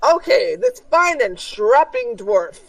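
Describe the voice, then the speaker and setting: A woman's voice: fairly high pitch, sing-song, slow pace, vocal fry, no room sound, recorded from a distance, voice pushed up, exaggerated voice, rough recording. A woman voicing a fussy male circus ringmaster who stammers and gushes over the contestants in a tabletop game. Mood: flustered announcing. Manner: flustered, stammering, gushing.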